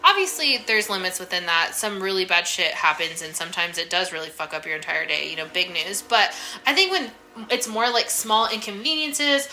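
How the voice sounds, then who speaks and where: A woman's voice: fairly low pitch, brisk, sharp tone, faint music behind. A woman in her thirties co-hosting a podcast, chatty and swearing casually. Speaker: podcast co-host.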